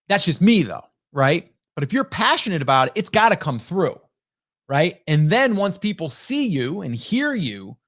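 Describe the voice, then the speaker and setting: A man hosting a casual live stream who talks fast and gets fired up, tagging his points with "right?" and "okay?", close on a broadcast studio mic. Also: sits high, no echo. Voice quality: energetic, fired-up, rapid talker. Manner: rhetorical "right?" and "okay?" tags. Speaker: livestream host. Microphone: broadcast dynamic studio mic.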